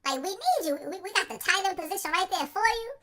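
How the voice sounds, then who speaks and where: A man's voice: very high-pitched, animated, fast, sharp tone, pitched above the performer's own voice, full character voice. A man putting on the voice of a youth football coach who guilt-trips a player, in a whiny, wheedling way. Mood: pleading. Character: pleading, guilt-tripping adult male youth football coach.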